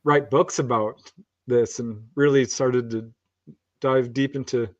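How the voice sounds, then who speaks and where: A man's voice: mid-range voice, fairly even intonation, takes it slowly, no room sound, highs cut off. Male host, mid-range voice, dry close sound, curious questions. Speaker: podcast host. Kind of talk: interview questions.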